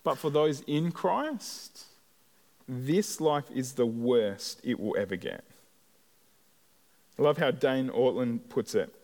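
Slow, measured preaching man in a reverberant hall. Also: medium pitch, expressive, a little mellow. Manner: earnest, measured preaching with deliberate pauses. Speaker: pastor. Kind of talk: sermon.

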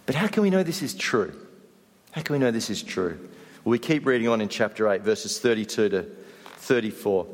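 Lively man preaching in a hall. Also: fairly low pitch, brisk. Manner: animated storytelling, drops soft for emphasis. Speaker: pastor. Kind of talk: sermon.

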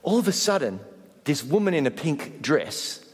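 A man preaches a sermon in a lively, swooping voice that sits a little high. He tells stories with energy, then drops soft to stress a point. A long reverb from the hall trails his words. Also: moderate pace, slightly rough. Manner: animated storytelling, drops soft for emphasis. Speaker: pastor.

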